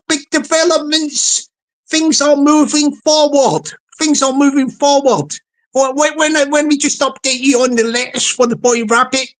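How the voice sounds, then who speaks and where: A woman's voice: high-pitched, rough recording. A woman chatting casually on a live stream, rambling playfully and greeting viewers by name.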